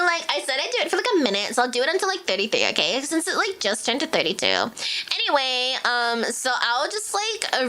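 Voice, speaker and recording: A woman streamer with a Valley Girl accent, her voice bright and sharp, sitting a little high and swinging widely in pitch. She chats casually and reads a game aloud, dropping "like" everywhere and breaking into excited outbursts. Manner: chatty, peppered with "like", sudden excited outbursts. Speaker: VTuber streamer.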